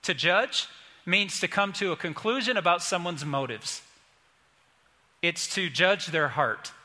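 A man's voice: high voice, expressive, a little slow, sharp tone, in a large hall. A man from Indiana preaching a sermon as pastor, earnest and emphatic, repeating key phrases. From Indiana, USA. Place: church sanctuary.

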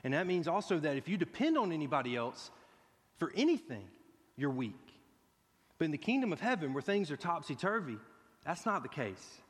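A man preaching a sermon as a guest pastor, earnest and growing excited as he speaks. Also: on the high side, a little fast. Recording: long hall reverb.

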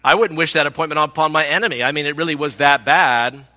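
Pastor guy telling a story from the pulpit, bright voice, big echoey church. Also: fairly high pitch, fast. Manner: animated storytelling, acts out quoted people. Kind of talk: sermon with a personal story. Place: church sanctuary. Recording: long reverb of a large hall.

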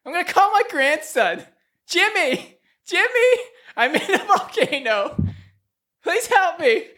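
A man voicing a flustered old grandmother superhero stuck in a volcano, shrill and panicky, for a comedy podcast bit. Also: big pitch swings, slow, pushed and bright, full character voice. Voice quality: shrill, panicky, cracking into laughter. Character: flustered old grandma flying a robot pterodactyl.

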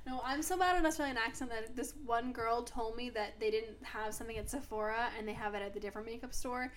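A woman's voice: on the high side, fast talker. A young woman hosting a podcast in giggly, chatty casual conversation. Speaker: podcast host. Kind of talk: casual chat.

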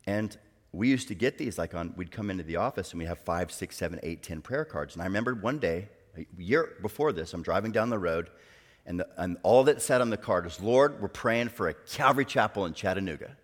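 A middle-aged man, a guest pastor, telling a personal story in a sermon, moving between hushed and loud bursts. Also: low voice, lively intonation, a little fast. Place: church hall. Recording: long reverb of a large hall.

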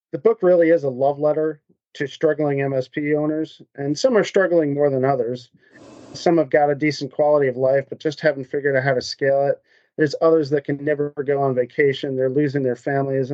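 A man guest on a business podcast, telling stories in an animated, conversational way and acting out what people said. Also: mid-range voice, no echo, lo-fi sound. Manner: animated storyteller, acts out quotes. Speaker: podcast guest, MSP consultant. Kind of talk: conversational interview storytelling.

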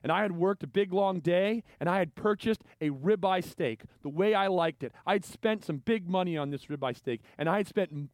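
A man's voice: sits high, a little mellow, no room sound. A male pastor preaching a sermon, telling stories animatedly and acting out the voices of the people in them.

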